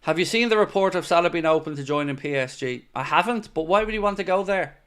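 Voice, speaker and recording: A young Irish man hosting a live football fan stream, chatting casually and reading comments with animated, playfully defiant energy. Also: fairly high pitch, fast, smooth. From Ireland. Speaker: fan channel host reading live chat.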